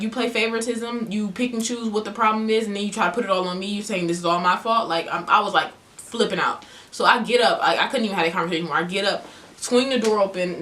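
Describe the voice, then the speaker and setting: A young woman vlogger telling a story-time tale in a heated, animated way, full of "like" fillers. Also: mid-range voice. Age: young adult.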